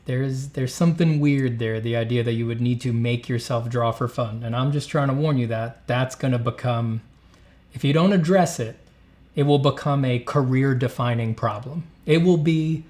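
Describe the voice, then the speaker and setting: A man's voice: mid-range voice, moderate pace, a little mellow. A man hosting a casual art chat, rambling, with many fillers and restarts. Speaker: artist and channel host.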